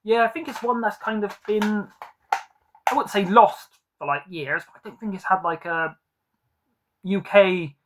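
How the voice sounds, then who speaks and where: A man's voice: sits high, a little slow, pauses often, noisy background. A man hosting a casual film review chat, rambling with frequent ums and likes. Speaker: film collector host.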